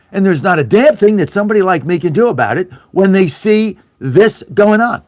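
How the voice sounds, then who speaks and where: A man's voice: sits high, no room sound, studio quality. A middle-aged man hosting a political talk radio show, ranting angrily and sarcastically, swearing bluntly and mocking his opponents. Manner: blunt, swears, repeats for emphasis.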